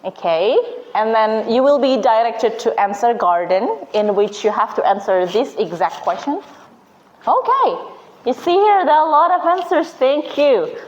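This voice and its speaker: A woman's voice: fairly high pitch, animated, a little slow, lo-fi sound. A woman teaching an English class at a university, asking her students questions and prompting their answers in a classroom.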